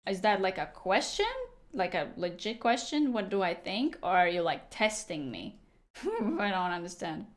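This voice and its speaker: A woman's voice: medium pitch, sing-song, measured pace. Woman, young adult, live streamer, casual, teasing, chats with viewers. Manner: chatty, teasing, answers chat out loud. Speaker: livestreamer.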